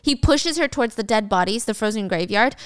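Clear-voiced young woman recapping a drama. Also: a little high, brisk, dry recording, clean studio sound. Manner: animated storytelling, casual swearing. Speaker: host.

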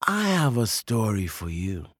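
Slow, lively male storyteller. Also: fairly low pitch, breathy edge, dry recording, clean studio sound. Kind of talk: storybook narration.

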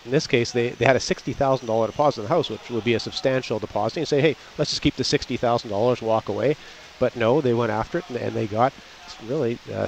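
A man's voice: mid-range voice, a little hiss or hum. A man talking as a real estate agent guest on a radio show, chatty and full of anecdotes, speaking outdoors on a covered patio. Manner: chatty, anecdotal, acts out quotes. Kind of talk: casual radio talk. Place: outdoor patio under a roof. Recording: dull lo-fi sound.

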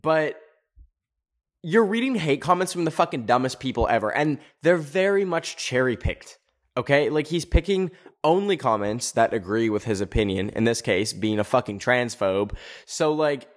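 A young male podcast host in a loose, profane rant. He talks sarcastically at a middling pitch, and it jumps sharply higher whenever he gets worked up. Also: moderate pace. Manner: animated, profane, sarcastic, pitch leaping up on emphasis. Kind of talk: casual ranting commentary.

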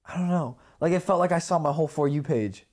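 Fast and slightly high, with a darkish tone, this young podcast co-host chats loosely, wandering through his points and leaning on lots of fillers and do-overs.

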